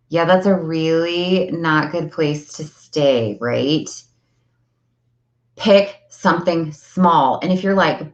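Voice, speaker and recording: A woman's voice: sits low, animated, slow pace, pauses often. A middle-aged woman giving a chatty, earnest motivational talk to her viewers, repeating phrases for emphasis. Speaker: self-help coach. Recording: echoey room, slightly dull sound.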